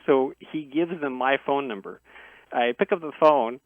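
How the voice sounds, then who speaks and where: Appearing as an interview guest on a radio show, a man tells a long first-person story earnestly, often breaking off and restarting phrases. His voice is fairly high and at normal speed, coming through a dry, tinny phone line.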